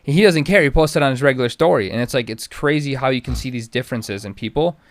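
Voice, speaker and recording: A man's voice: mid-range voice, quick pace, no room sound. A young man as a podcast guest in casual chat, laid-back and joking with plenty of slang.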